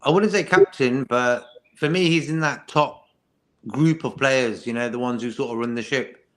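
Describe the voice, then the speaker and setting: A man's voice: mid-range voice, normal speed. A man co-hosting a casual fan chat, easygoing, and given to homely comparisons. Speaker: regular co-host.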